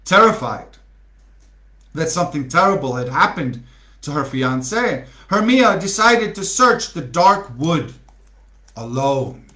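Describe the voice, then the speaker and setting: A man's voice: a little high, big pitch swings, takes it slowly, pushed and bright. A man reading a storybook aloud, breaking off into chatty asides to his listeners. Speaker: storybook reader. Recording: echoey room.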